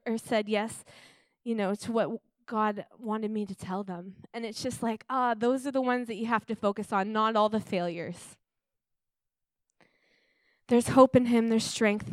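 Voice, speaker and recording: A young woman preaches with earnest, heartfelt warmth, talking through a story as if to friends. Her voice is smooth and clear. The sound is close and dry, with no room echo. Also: on the high side. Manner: earnest, heartfelt, conversational with many fillers. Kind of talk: sermon with storytelling.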